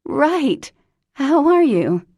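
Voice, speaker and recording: A woman's voice: high-pitched, very animated, drawn-out words, a little mellow, no echo, clean studio sound, voice pushed up, full character voice. Woman voicing a hesitant, awkward heroine. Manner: hesitant and polite, with fillers. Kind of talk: audiobook narration.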